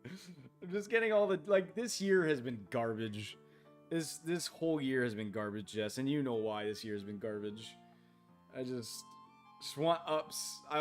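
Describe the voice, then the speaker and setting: A tired young man streaming a game late at night, talking in a halting, rambling way full of fillers and restarts. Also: medium pitch, smooth.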